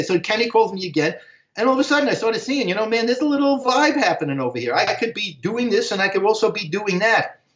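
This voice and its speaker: Older american man, slightly high voice, rambling slangy storytelling, roomy dull stream audio. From United States. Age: 60s. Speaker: interview guest. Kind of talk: casual storytelling.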